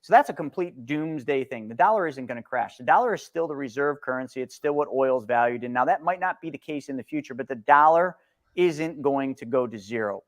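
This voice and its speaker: A middle-aged man co-hosting a live-stream market show, talking bluntly and sarcastically with animated swings. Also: medium pitch, brisk. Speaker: co-host.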